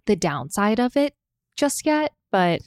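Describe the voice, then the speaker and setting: A woman co-hosting a podcast, chatting casually and hedging, sometimes drawing her words out slowly. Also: medium pitch, very animated, no room sound, clean studio sound. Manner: hedging, drawn-out phrases. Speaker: podcast co-host. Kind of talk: casual recap chat.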